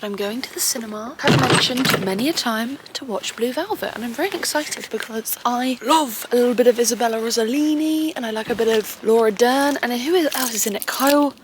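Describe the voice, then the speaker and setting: A woman's voice: on the high side, a little fast, few pauses, background noise. Chatty young woman. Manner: chatty, rambling, self-mocking, dramatic outbursts. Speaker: vlogger. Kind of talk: casual vlog chat to camera.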